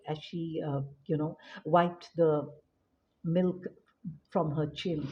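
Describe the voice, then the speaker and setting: Mellow-voiced woman teaching writing. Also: on the low side. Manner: unhurried, many filler words, demonstrative. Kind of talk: spoken lesson. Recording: dull lo-fi audio with faint noise.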